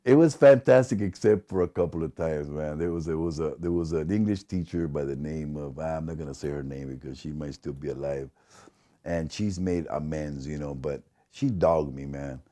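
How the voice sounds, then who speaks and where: A man's voice: very deep voice, normal speed. A middle-aged man telling stories in an interview, acting out what people said and laughing often. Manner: animated, acts out quoted dialogue, laughs often. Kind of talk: casual storytelling interview.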